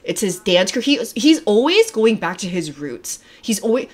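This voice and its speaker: A young woman livestreaming a reaction, talking in a gushing, excitable way, swearing often and trailing off mid-sentence. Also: mid-range voice, moderate pace. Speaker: livestreamer reacting to music videos. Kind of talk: casual livestream chat.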